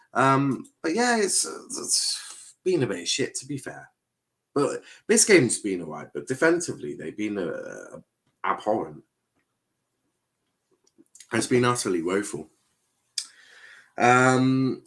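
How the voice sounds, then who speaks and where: Streaming a football watchalong, a young man chats casually in a medium-pitched, fairly bright voice. He reads out viewer comments and rambles, repeating phrases and leaning on lots of fillers.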